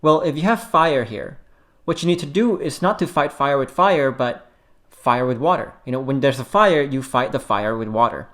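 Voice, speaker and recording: A man working as a relationship coach, giving calm, steady advice straight to the camera and repeating key points gently. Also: medium pitch, normal speed. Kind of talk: direct-to-camera advice talk.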